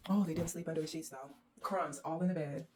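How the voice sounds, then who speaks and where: A woman's voice: deep voice, fairly quick, warm tone, a little hiss or hum. A woman hosting a walkthrough vlog, exasperated and ranting as she films indoors in a condo on a handheld phone. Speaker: host.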